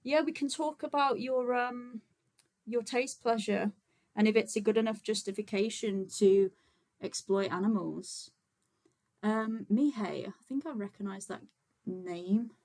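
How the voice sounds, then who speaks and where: A woman's voice: on the high side, a little slow, a little mellow. Young woman, casual livestream host, chatty, lots of filler words. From Birmingham, England. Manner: chatty and informal, many fillers, talks to viewers while setting up. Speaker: livestream host, vegan activist.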